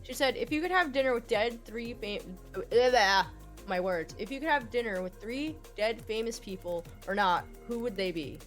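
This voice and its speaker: Higher-voiced excitable podcast woman. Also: moderate pace, soft background music. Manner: excitable and giggly, reading chat questions. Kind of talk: casual podcast chat.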